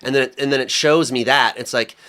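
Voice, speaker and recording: A young man co-hosting a podcast, telling a story in a lively, colloquial way with lots of fillers. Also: mid-range voice, brisk, clear, resonant tone. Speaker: podcast co-host. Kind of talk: casual chat.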